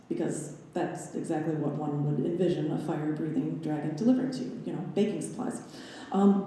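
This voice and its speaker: A woman's voice: medium pitch, mellow. Woman lecturing in a roomy recital hall. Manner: wry asides, playful humor in a scholarly talk. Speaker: graduate student giving a lecture recital. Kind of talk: presented lecture with slide analysis.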